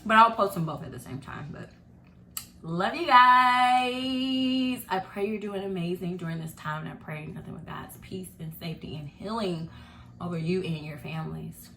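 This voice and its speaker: A woman's voice: low voice, fairly even intonation, brisk, fairly bright tone. Chatty woman hosting a kitchen vlog. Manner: chatty and upbeat, talks to viewers as "you guys". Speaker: host of a home cooking show. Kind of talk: casual cooking vlog chat. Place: home kitchen. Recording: echoey room with noticeable background noise.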